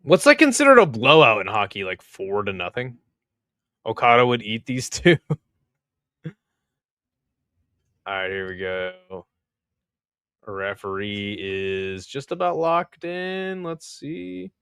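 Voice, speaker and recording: Lively, chatty young male streamer. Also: lowish voice, slow, pauses often, clean tone, no echo, studio quality. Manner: laid-back, slangy, chats with viewers between bouts. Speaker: live stream host. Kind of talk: casual live reaction and play-by-play.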